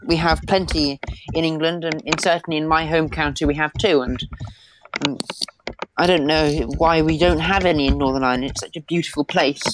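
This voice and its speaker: A woman answering as a panelist in a political debate, pausing often with many ums. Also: low-pitched, fairly even intonation, noisy background.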